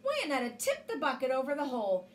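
A woman reading a bedtime story aloud with an expressive storyteller's manner. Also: high-pitched, quick pace, a little hiss or hum.

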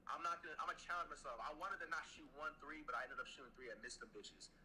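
A basketball player man answering quietly in a laid-back, mumbled way. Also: fairly high pitch, fast talker, slight background noise, rough recording. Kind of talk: casual chat.

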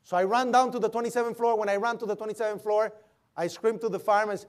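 Guy with a pretty high voice, eyewitness telling what happened, acts out the noises. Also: fairly even intonation, fast talker. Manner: vivid storytelling, imitating sounds and voices. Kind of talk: recounting a personal account.

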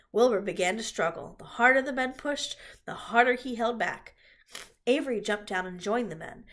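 A woman reading a children's book aloud in an expressive storytelling manner, with a husky voice. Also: mid-range voice. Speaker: reader.

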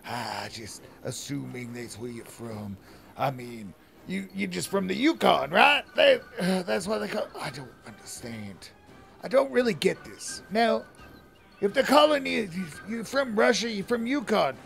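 A man giving casual gameplay commentary, rambling and stammering as he jokes along. His voice is strongly gravelly and fairly high, and he talks slowly. Faint music plays under him. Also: very animated, fairly bright tone. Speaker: streamer playing a game.

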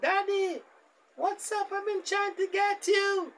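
A man putting on a pleading high-voiced daughter. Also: fairly even intonation, slow, fairly bright tone, exaggerated voice. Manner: pleading, insistent. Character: young adult daughter, a college student pleading for money.

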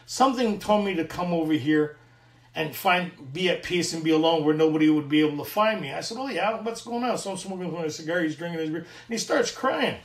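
A man's voice: on the high side, brisk, echoey room, far from the mic. A middle-aged man from Canada, earnestly sharing a personal recovery story at a meeting and acting out the dialogue.

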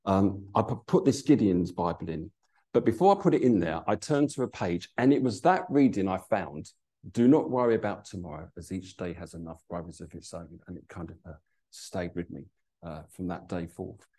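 A preacher tells a story from the pulpit in an informal, chatty way. His voice sits fairly low and sounds warm and mellow. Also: animated, moderate pace. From East London, England. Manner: chatty, storytelling, many fillers. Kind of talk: informal sermon with personal story.

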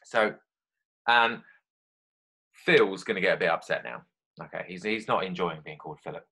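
A male primary teacher leading a remote literacy lesson, explaining each step to children in a friendly, patient way. His voice sits fairly low, with a bright, forceful edge to the tone. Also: moderate pace, vocal fry, slightly rough.

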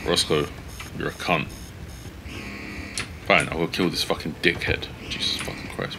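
A man casually commentating his video game play, swearing often and yelling at in-game companions. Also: very deep voice, steady tone, measured pace, vocal fry, pauses often, over music. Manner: swears a lot, shouts at teammates. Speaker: gaming streamer.

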